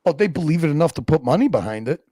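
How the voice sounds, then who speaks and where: A man's voice: fairly high pitch, sing-song, very fast, dark tone, breathy edge, dry recording, clean studio sound. A man hosting a livestream, ranting and mocking people in a heated, profane way. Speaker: livestream host.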